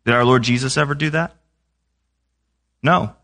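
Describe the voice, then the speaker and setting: Young guy preaching, bright clear tone, chatty and asks the crowd stuff. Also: mid-range voice, moderate pace. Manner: conversational, asks the congregation questions. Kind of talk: sermon.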